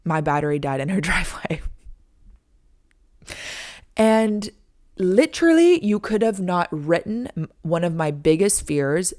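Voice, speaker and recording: Young woman rambling through a story on her podcast, low voice, lots of "like". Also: measured pace, long pauses. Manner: animated, frequent "like", acts out her own lines in a high squeaky voice. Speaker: podcast host. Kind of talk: casual storytelling.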